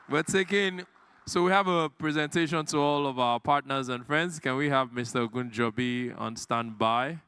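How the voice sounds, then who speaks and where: A man's voice: medium pitch, bright, forceful tone, clear, resonant tone. A man, emceeing a live industry event in a playful, teasing way. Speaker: event master of ceremonies.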